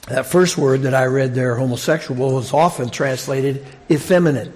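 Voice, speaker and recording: A man preaching a sermon in a conversational, halting way, often restarting his sentences. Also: mid-range voice, darkish tone. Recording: long reverb of a large hall.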